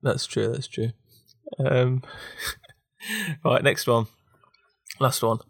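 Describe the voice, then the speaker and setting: A man's voice: mid-range voice, lively intonation, extremely slow, creaky, slightly rough, dry recording, studio quality. A young man hosting a casual podcast, sardonic and sweary. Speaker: podcast host. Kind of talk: casual chat.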